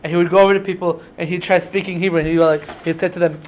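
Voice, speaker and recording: A young man with a notably high voice casually unpacks a Bible story for his podcast. He explains it conversationally, working Hebrew terms into his talk. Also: flat delivery, racing, a little mellow, a little hiss or hum. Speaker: podcast host teaching Bible stories. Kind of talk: casual Torah study talk.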